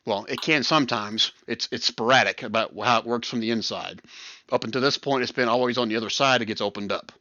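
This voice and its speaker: A man narrating a tabletop game as game master, relaxed and easygoing. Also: mid-range voice, fast talker, no echo, muffled recording.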